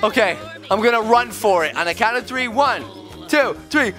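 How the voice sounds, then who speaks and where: With music in the background, a father playing a video game alongside his son speaks a little slowly. The gaming video host is playful and casual, breaking out now and then in excited, goofy squeals.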